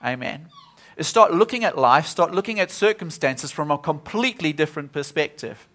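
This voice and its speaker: A man's voice: a little high, lively intonation, moderate pace, pushed and bright. A man preaching a sermon at a church service, earnest and often repeating himself as he restarts.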